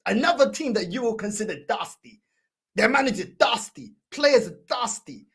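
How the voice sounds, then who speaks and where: A woman's voice: on the high side, lively intonation, a bit bright, husky. A woman, teasing and mocking her opponent in a heated fan debate, full of slang. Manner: mocking, teasing, rapid-fire banter with slang.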